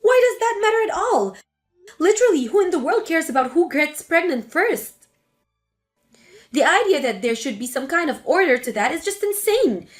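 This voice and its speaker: A woman's voice: sits high, sing-song, moderate pace, faint music behind. A woman voicing an indignant adult daughter confronting her mother in a dramatic story reading. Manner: indignant, forceful.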